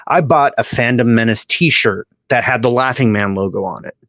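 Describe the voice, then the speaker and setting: A man of middle pitch rambles through a long, profane story on a casual podcast. His voice comes through dry and a little dull, as on a lo-fi recording. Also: moderate pace, fairly bright tone, no room sound. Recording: dull lo-fi audio.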